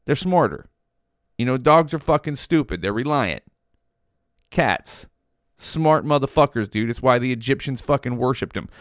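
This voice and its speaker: A man's voice: medium pitch, no room sound, studio quality. A young man hosting a podcast, rambling in a casual monologue, swearing often and saying "dude" a lot. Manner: profane, rambling, says "dude" constantly. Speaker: podcast host.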